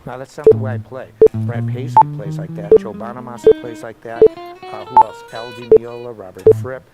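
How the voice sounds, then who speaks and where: A middle-aged man teaches guitar one-on-one in a casual, rambling way packed with anecdotes and asides, against loud electric guitar playing. He speaks at medium pitch and normal speed with fairly even intonation, and the recording is low quality.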